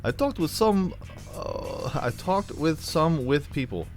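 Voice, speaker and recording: A man's voice: fairly high pitch, expressive, takes it slowly, faint music behind, voice pushed up. A man voicing a weary male car customer from a game, in a mock Russian accent, reading the lines stiffly. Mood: pleading.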